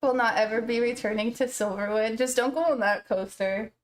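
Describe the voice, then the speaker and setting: A young woman on a home live stream, talking casually in a fairly high voice. She chats loosely with her viewers, reads their messages and tells stories with easy laughter. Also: a little fast. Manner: chatty, laughing storyteller reading chat aloud.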